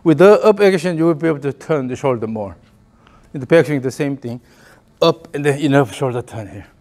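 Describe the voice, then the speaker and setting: A man's voice: a little high, animated, fairly quick, warm tone. A man giving a hands-on golf lesson, explaining the swing and calling out short repeated cues in rhythm. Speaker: golf coach.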